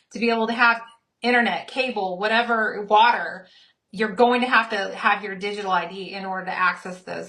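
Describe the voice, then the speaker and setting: A woman speaks with a bright, forceful voice pitched a little high. She is openly fired up and angry. She hammers each point home in emphatic repeated lists, now and then reading a quote aloud. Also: rough recording. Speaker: speaker on a Christian talk show. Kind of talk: impassioned commentary.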